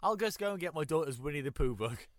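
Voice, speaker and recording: A man's voice: a little high, expressive, quick pace. A man co-hosting a podcast over a video call, full of crude, playful banter and silly sound effects. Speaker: podcast co-host. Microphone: headphones and mic on a video call.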